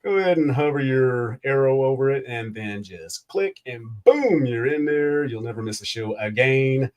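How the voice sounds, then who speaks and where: Brief: male podcast host, animated pitch, profane and jokey, laughs easily. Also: normal speed, highs cut off. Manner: joking, profane, laughs often. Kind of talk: casual chat.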